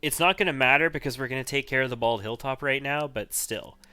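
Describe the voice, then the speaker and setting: A man's voice: medium pitch, fast talker, pushed and bright, a little hiss or hum. Man chatting over a video game. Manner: chatty, thinking aloud while playing. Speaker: let's-play host. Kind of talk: casual gameplay commentary.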